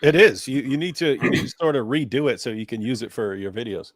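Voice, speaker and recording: Rambling male co-host who keeps laughing, middle pitch, dry close recording. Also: expressive, fast talker, no room sound. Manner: rambling, breaks into laughter often while talking. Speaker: livestream co-host. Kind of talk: casual live chat.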